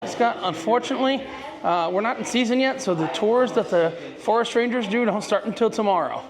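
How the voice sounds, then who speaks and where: A man's voice: sits high, fairly quick, a crowd in the background. A man hosting a travel vlog, giving rambling, jokey walking-tour commentary outdoors on a cruise ship and in a small town. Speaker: travel vlogger and host. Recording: noisy outdoor recording with passing vehicles.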